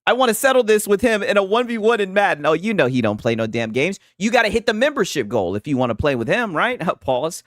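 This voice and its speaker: A man hosting a stream, giving animated, profane reaction commentary and trash talk. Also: high voice, quick pace, few pauses, dry recording, clean studio sound. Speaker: streamer host.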